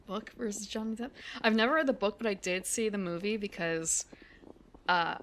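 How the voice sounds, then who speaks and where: A woman's voice: medium pitch, normal speed, fairly bright tone. A woman streamer chatting casually while out on a winter walk, rambling, correcting herself and laughing often. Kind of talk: casual chat while walking.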